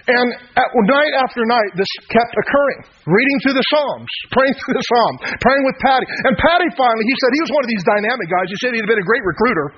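A man's voice: extremely high pitch, expressive, a little fast, few pauses. A man preaching a sermon, retelling a story in a conversational way with lots of quoted speech. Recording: dull lo-fi sound with faint noise.

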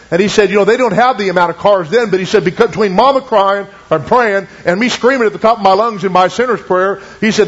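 High-pitched guy preaching, telling a story w lots of asides, kinda muffled lo-fi sound. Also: breathy edge. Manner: retells a story with many asides, quoting in low drawn-out tones. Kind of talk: sermon storytelling. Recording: dull lo-fi recording.

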